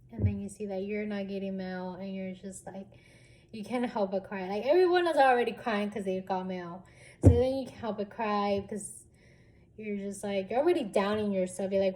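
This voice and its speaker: Slow-talking chatty young woman vlogger. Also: mid-range voice, slight background noise. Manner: chatty, animated, many fillers. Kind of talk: casual storytelling vlog.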